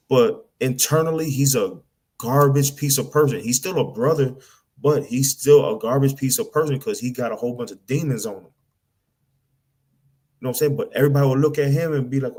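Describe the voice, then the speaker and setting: A man's voice: mid-range voice, fast, darkish tone. A man preaching bluntly in a casual rant, often repeating and stumbling over words. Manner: blunt, repetitive, slangy, mimics people in asides. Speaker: street preacher.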